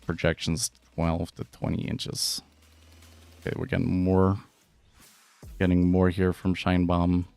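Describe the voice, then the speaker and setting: A man's voice: low voice, completely flat delivery, measured pace, vocal fry, long pauses, a little mellow, clean tone, faint music behind. A man casually chatting and rambling through a live day-trading stream, laughing often.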